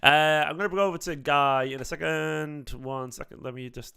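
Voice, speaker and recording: A man hosting a live fan stream, chatting casually and quickly with callers and viewers. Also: a little high, animated, vocal fry, fairly bright tone, smooth. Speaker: fan channel host. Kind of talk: live-stream football chat.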